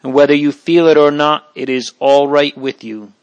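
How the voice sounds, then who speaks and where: A man reading aloud from an old memoir, voicing a devoted grown daughter who gently reassures her dying father. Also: a little high, steady tone, normal speed, smooth, dull audio, lightly acted. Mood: reassuring.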